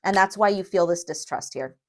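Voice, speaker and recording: A woman giving a tarot reading to viewers, emphatic and emotional, often checking in with a quick "okay?". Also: lowish voice. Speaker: tarot reader.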